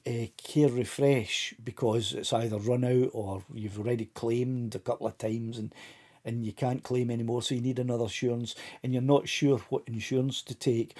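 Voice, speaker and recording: A man's voice: medium pitch, warm tone, husky. A man hosting a casual live stream, chatting straight to his viewers and calling them by name.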